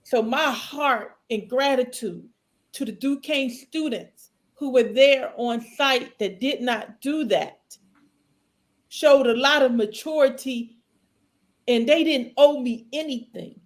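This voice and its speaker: A middle-aged woman speaks slowly and haltingly, her voice choked up as she shares her grief. Her voice sits a little high, and she leaves long pauses between phrases. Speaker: podcast co-host. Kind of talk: emotional personal testimony.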